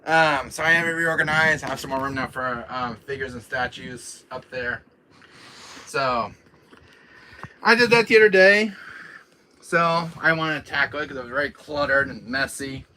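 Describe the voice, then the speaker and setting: A man's voice: medium pitch, moderate pace, bright, forceful tone, a little hiss or hum. A young man chatting casually on a live stream, rambling with lots of fillers and restarts. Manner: rambling, many fillers and restarts, laughs often.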